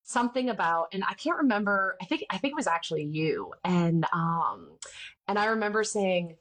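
A woman's voice: medium pitch, moderate pace. A woman in her thirties, a podcast host, talking candidly and chattily in an interview, acting out the people in her stories. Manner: chatty, candid, animated retelling with voiced quotes. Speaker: podcast host and ministry founder. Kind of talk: casual interview chat.

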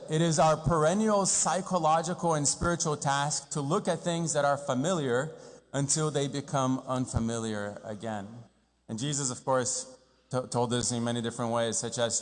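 A man from Brazil giving an earnest, animated homily as a priest at a First Communion Mass. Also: medium pitch. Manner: earnest, animated storytelling with acted-out quotes. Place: church. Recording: long church reverb.

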